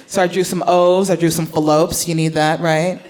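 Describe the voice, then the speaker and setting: A woman's voice: lowish voice, normal speed. A woman doing stand-up on a club stage into a handheld mic, telling a story with lots of acted-out voices and her own laughter. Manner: animated, acts out voices, laughs at own jokes. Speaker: stand-up comedian. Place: comedy club stage before a live audience.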